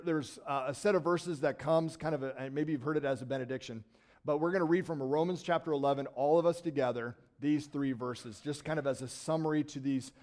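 Male pastor, somewhat high-pitched, casual but eager delivery for a church sermon. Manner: conversational and enthusiastic, with asides and quick bursts of excitement. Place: church sanctuary.

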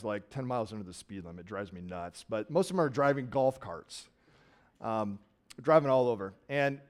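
A middle-aged man from Nebraska preaching a sermon in a conversational way, swinging from loud emphasis to quiet trailing words. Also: medium pitch. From Nebraska, USA. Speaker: pastor.

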